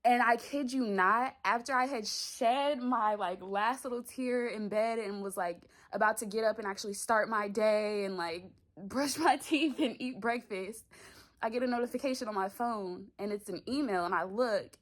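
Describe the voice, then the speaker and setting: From her bedroom at home, a young woman records an emotional personal vlog, her voice sitting a little high. She's a vlogger and talk show creator, crying on and off as she gushes tearfully in quick bursts packed with "like" and other fillers.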